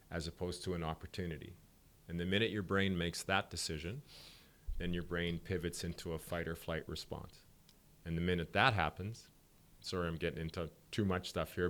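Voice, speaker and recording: A man's voice: low-pitched, a bit bright. A middle-aged man, a sport psychology guest on a podcast, explaining ideas at length and acting out examples with a laugh. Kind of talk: podcast interview.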